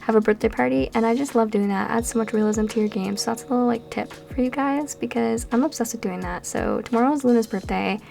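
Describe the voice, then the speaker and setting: A tired nineteen-year-old woman from Canada rambles through a casual chat over a game build. Her voice sits a little high with a gravelly fry. Soft music plays underneath. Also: quick pace, hardly any pauses. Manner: rambling and chatty, with frequent fillers. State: tired and a bit out of breath. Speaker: Sims builder and YouTuber. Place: home room during a storm. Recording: background music.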